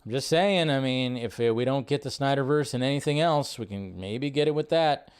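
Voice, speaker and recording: A man's voice: medium pitch, a little fast, clear, resonant tone. A man hosting a live movie news stream, chatting casually in a rambling way and often repeating his phrases.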